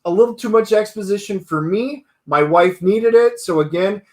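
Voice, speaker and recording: High-voiced man co-hosting a TV review. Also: normal speed. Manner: animated storytelling, acts out character quotes. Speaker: show co-host. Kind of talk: casual TV review chat.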